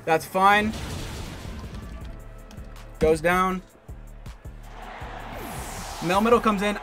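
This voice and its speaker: High, bright, excitable male game commentator. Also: faint music behind. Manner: thinks aloud in quick bursts, excitable. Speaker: Pokemon player commentating his own match. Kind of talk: live gameplay commentary.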